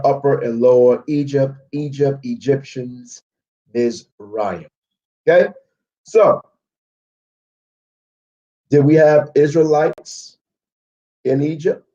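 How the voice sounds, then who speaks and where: Male Bible teacher with a warm, dark voice, leading a live study and checking in often with listeners. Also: medium pitch, lo-fi sound. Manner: checks in with frequent "okay?"; walks through maps and word studies on screen. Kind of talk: live Bible history lesson.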